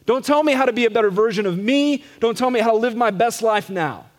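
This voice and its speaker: Middle-aged male pastor, high voice, relaxed conversational sermon with a self-deprecating edge, church live stream with long reverb. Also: fast talker. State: some gray hair. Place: church sanctuary.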